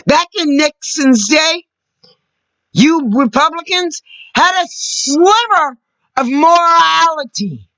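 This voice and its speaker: Woman, angry rant, cursing, lively pitch, slow deliberate pace, dull lo-fi sound. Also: dry recording. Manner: furious, profane, shouting at times. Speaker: vlogger.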